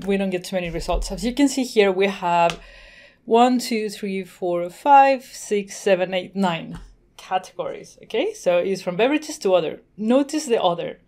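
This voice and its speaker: A woman talks through a screen-recorded software tutorial at her desk mic. She is chatty and easygoing, and she thinks aloud as she goes. She laughs now and then, and her voice sits at an ordinary middle pitch. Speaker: tutorial host.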